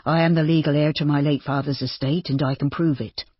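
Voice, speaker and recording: An audiobook narrator voicing a confident gentleman heir who speaks with easy, cool firmness. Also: medium pitch, steady tone, brisk, slightly rough, no echo, natural voice. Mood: firm. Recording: dull lo-fi dry.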